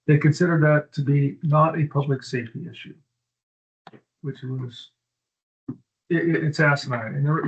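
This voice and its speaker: A gravelly, fry-edged male voice gives a supervisor's report at a board meeting. He is blunt and plainly exasperated, and the audio sounds muffled and dull. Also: on the high side. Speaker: county supervisor.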